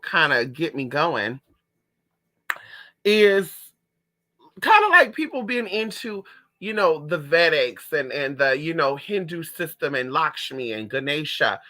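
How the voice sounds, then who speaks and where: Sassy male streamer, high voice and bright tone, chatty and animated. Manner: sassy, animated, calls viewers honey and girl. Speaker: livestream host reading chat. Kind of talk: casual chat.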